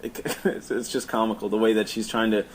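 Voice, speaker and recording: A man's voice: lowish voice, level tone, brisk, slight background noise. A man co-hosting a podcast, chatting casually about films. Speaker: podcast co-host. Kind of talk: casual film discussion.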